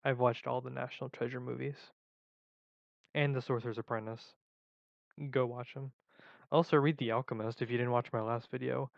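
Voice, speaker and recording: A man's voice: mid-range voice, fairly even intonation, moderate pace, gravelly, pauses often, dry recording, muffled recording. A man in a casual vlog who rambles and jokes at his own expense. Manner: rambling, joking, self-mocking. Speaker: video creator.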